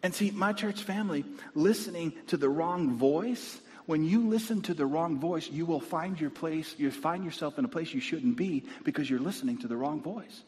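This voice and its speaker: A male pastor preaching a sermon, animated and calling out to his congregation. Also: a little high, moderate pace, few pauses. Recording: long reverb in a church hall.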